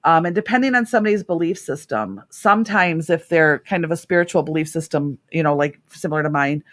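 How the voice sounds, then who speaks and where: A woman's voice: low-pitched, expressive, fairly quick. A middle-aged woman hosting a radio talk show, a therapist telling stories about her clients in a casual, earnest way. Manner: earnest, warm storytelling with laughs.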